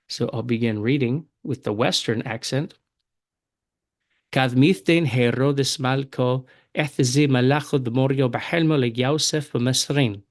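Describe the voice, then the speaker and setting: A man teaches a recorded Bible study at an easy, patient pace, reading passages aloud before he explains them. His voice is mid-pitched and he sounds close to the mic, dry, with no room echo. He pauses now and then with small fillers as he works through his points. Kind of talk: recorded lecture.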